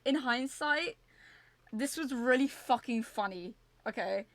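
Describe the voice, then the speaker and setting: A young woman streamer casually telling a story to her chat at a home setup, animated and repetitive, swearing freely. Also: fairly high pitch, measured pace, no echo.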